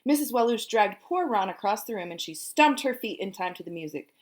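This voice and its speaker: Animated woman reading a children's book. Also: medium pitch, a little fast, few pauses. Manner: animated, sings out sound effects. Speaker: storyteller.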